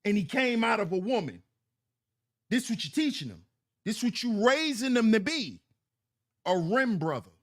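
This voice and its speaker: A man's voice: high voice, big pitch swings, normal speed, pauses often, fairly bright tone. A man hosting a livestream, commenting on clips and reading chat in a preachy, emphatic way that repeats lines for effect. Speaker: livestream host.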